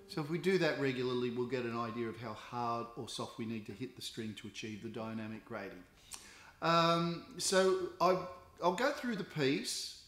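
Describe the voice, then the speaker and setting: Casting: middle-aged Australian guitar teacher, patient, explaining step by step, mid-pitched voice, echoey room. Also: male voice, normal speed. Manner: patient, explanatory, with frequent fillers and restarts. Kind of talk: instructional explanation. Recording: roomy echo with guitar nearby.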